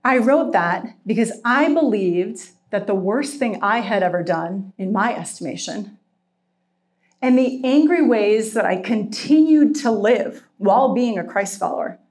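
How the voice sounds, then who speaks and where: A middle-aged woman giving a heartfelt sermon with personal testimony, earnest and emotional, slowing down for emphasis and at times tearful. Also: fairly high pitch, darkish tone. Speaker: speaker at a Christian retreat.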